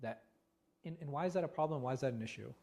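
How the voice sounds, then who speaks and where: Man, imam, religious class talk, animated, rhetorical questions, mid pitch. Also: rapid-fire, vocal fry. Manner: animated, asks rhetorical questions, restarts words. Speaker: imam leading a class discussion. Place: mosque class room.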